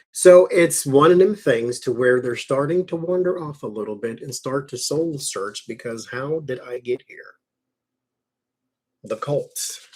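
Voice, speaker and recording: A man reading tarot cards on a live stream, talking in a slow, conversational way with fussing asides. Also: medium pitch, breathy edge. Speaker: tarot reader.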